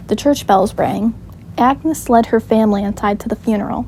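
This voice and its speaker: A woman's voice: a little high, moderate pace, a little mellow, slight background noise, rough recording. A woman reading her own story aloud in a casual, offhand way, laughing and commenting on it as she goes. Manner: offhand, giggly, self-commenting.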